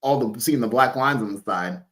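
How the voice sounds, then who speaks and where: A man co-hosting a casual podcast chat, halting and restarting his sentences. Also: medium pitch, fairly bright tone.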